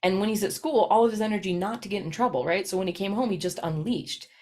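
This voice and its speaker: This recorded lesson for practitioners is given by a woman with a medium-pitched, darkish voice who talks fast. She narrates in a chatty, storytelling way, often tacking on "right?" to check in.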